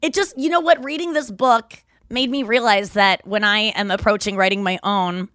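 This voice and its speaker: A woman hosting a podcast in casual chat, rambling and animated, laughing often as she talks. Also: mid-range voice, normal speed, no echo, studio quality. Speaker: podcast host.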